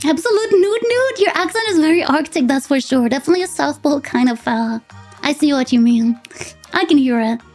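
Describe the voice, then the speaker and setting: A woman's voice: high-pitched, a little fast, darkish tone. A woman with a French accent chatting casually with her live-stream chat, giggling often as she reads and answers messages. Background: faint background music.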